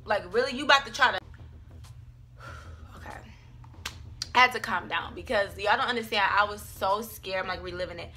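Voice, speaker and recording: Chatty young woman with a bright voice. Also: mid-range voice, fast, slight background noise. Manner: chatty, dramatic storytelling with many fillers. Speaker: vlogger. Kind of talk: storytime vlog.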